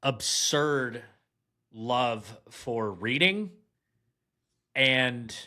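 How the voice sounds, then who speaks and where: A young man with a medium-pitched voice talks very slowly as a podcast guest. In casual chat he tells a long, animated anecdote, acting out the voices of what others said.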